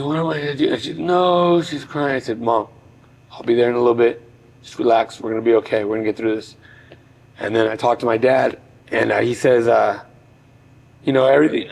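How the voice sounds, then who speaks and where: Podcast guest, middle-aged man, gravelly voice, earnest and reflective storyteller. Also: mid-range voice, low-quality recording. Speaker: podcast guest, former boxer. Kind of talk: personal storytelling in conversation.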